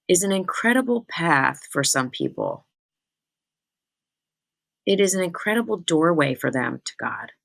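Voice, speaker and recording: A woman hosting her own spiritual podcast, talking in a chatty, animated and self-teasing way. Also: deep voice, vocal fry, no echo. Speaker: spiritual medium and podcast host. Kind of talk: casual solo podcast talk.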